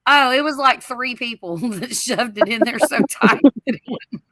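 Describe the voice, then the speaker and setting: A woman spins a wild story in loose chat, laughing often and swearing freely. Her voice is high and very bright, and the sound is close and dry with no room around it. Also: moderate pace, dry recording. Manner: animated, laughing, swearing, many "like" fillers. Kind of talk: casual storytelling.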